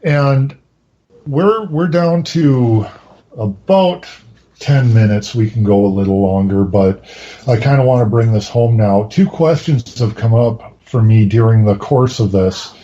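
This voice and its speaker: A man's voice: mid-range voice, unhurried, mellow. A man hosting a podcast interview, talking conversationally with frequent fillers. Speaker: podcast host. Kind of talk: casual interview talk. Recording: dull lo-fi audio.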